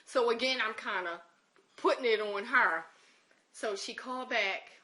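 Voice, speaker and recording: A woman's voice: fairly high pitch, a little slow, sharp tone. A woman recounting an emotional personal story in an interview, acting out the conversations she quotes. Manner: emotional recollection.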